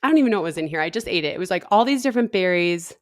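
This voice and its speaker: A woman in her thirties co-hosts a podcast, telling stories in casual conversation and laughing often. Her voice is lowish with lively intonation, and she talks rapid-fire.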